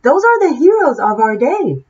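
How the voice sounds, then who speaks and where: A woman's voice: high voice, big pitch swings, moderate pace, a little mellow. A woman tarot reader giving an impassioned, preachy monologue, swearing freely and restarting her sentences often. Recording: dull lo-fi sound.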